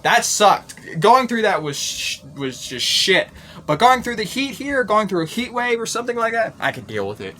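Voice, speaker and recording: A man's voice: sits high, normal speed, slight background noise. A man from Tennessee chatting casually in a rambling vlog, talking from inside a converted bus. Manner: rambling, restarts, relaxed and chatty. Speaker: vlogger.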